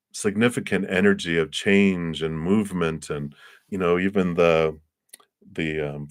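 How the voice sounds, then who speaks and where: A man giving a tarot reading on a livestream, meandering and searching for words, with gentle, affectionate sign-offs. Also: deep voice. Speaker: tarot reader.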